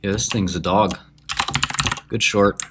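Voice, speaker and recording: A man's voice: on the low side, fairly even intonation, slow pace, noisy background. A man livestreaming casual stock analysis at his computer, offhand and joking, swearing and laughing at himself.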